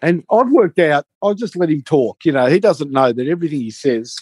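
A man co-hosting a casual talk show, telling an animated anecdote. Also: a little high, brisk, slightly rough. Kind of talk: casual chat, storytelling.

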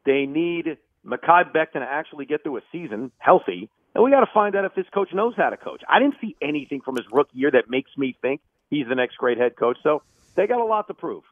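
A man's voice: a little high, brisk, no room sound. A man who is a sports radio host, giving emphatic, opinionated takes as an interview guest. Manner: emphatic, opinionated, animated bursts. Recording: tinny phone line.

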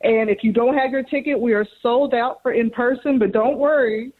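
A woman's voice: fairly high pitch, steady tone, normal speed. A woman calling in as a guest, speaking in an upbeat, enthusiastic way. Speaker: corporate guest. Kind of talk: phone interview. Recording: tinny phone line.

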